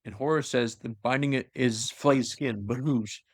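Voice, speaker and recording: A man's voice: mid-range voice, moderate pace, dry recording, clean studio sound. A man casually retelling a story in a loose, rambling way with many fillers. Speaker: lore explainer. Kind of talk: casual lore chat.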